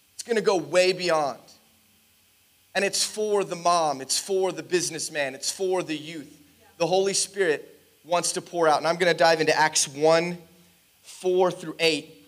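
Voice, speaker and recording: High-voiced man preaching an animated sermon. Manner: animated storytelling, acts out quoted dialogue. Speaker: pastor. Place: church.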